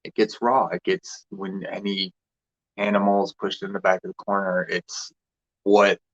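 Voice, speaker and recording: A young man chats loosely on a livestream, circling back on his words with plenty of fillers and restarts. His voice sits on the low side. The stream audio sounds dull and muffled. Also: completely flat delivery, normal speed. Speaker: livestream host. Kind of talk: rambling casual livestream chat.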